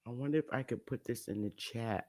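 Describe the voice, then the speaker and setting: A woman's voice: a bass voice, brisk, a little mellow. A woman hosting a casual livestream, talking loosely and profanely and laughing often as she goes. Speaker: livestream host.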